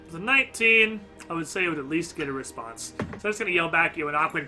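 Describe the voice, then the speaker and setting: Bright-toned male game master. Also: a little high, animated, fast talker, few pauses, soft background music. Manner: descriptive, loose narration with many fillers. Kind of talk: narrating a tabletop game.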